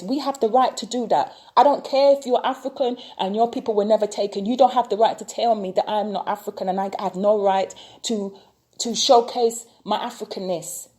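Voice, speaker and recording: A British tarot reader and vlogger delivers an impassioned opinion rant, piling up repeated rhetorical questions. Her voice is fairly high-pitched with a warm tone.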